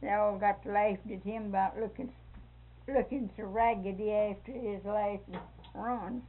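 A woman's voice: mid-range voice, fairly even intonation, measured pace, a little hiss or hum. An older woman, telling a folksy family story in a casual way and laughing as she goes. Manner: laughs through her story, folksy dialect. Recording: tinny phone-like recording.

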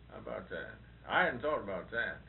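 A man's voice: lowish voice, gravelly. A man in casual chat, reacting and asking short questions. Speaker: conversation partner. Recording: muffled phone-like old tape.

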